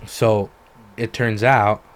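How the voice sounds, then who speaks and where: Low-voiced man telling a story casually. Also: slow pace. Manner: animated retelling, swears freely, acts out quotes. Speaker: podcast co-host.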